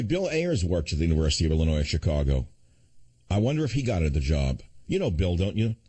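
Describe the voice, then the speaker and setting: A man's voice: low voice, a little mellow, slightly rough. An older man hosting a political talk radio show, combative and sarcastic, rambling through asides.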